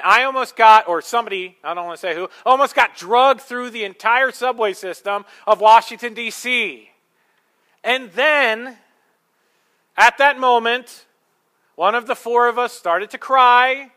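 A man preaching a sermon, telling a story with sarcastic asides and moving between loud, forceful lines and quiet ones. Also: very high voice. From Michigan. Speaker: pastor.

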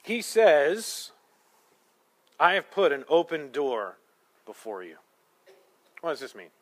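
A man preaching a sermon, telling a story with sarcastic asides and moving between loud, forceful lines and quiet ones. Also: fairly high pitch, big pitch swings, slow. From Michigan. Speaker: pastor.

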